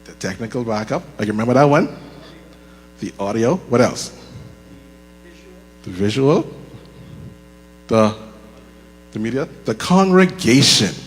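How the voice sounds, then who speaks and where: A man's voice: mid-range voice, animated. Male workshop leader, casual and humorous, reverberant church room, faint hum under it. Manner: conversational and joking, slows down deliberately. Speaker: leadership course instructor. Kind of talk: live workshop talk. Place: church room with audible echo. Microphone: handheld microphone. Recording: reverberant hall with mains hum.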